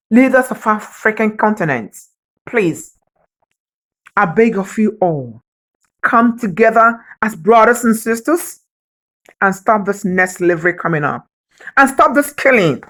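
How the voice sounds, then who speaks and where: A woman giving an emotional, preacher-like spoken appeal, pleading and repeating phrases for emphasis. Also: medium pitch. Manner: emotional, says her heart is broken. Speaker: vlogger.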